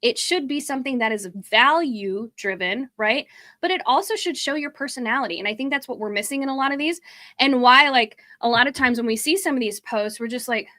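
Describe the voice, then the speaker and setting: A woman's voice: high voice, brisk, bright, forceful tone. A woman co-hosting a marketing podcast, talking casually and bluntly with a little swearing. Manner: blunt, emphatic, mild swearing. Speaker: podcast co-host.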